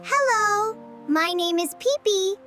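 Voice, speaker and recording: A woman voicing a shy, friendly young penguin newcomer in a children's cartoon, with a gentle, slow storybook delivery. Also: very high voice, animated, over loud music, full character voice.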